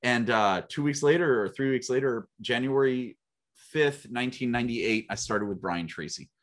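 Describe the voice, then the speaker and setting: A middle-aged man, a guest speaker and coach, telling his story in an interview with lively acted-out quotes and frequent laughs. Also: medium pitch, moderate pace. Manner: animated storyteller, acts out quotes, laughs often. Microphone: small mic worn on body.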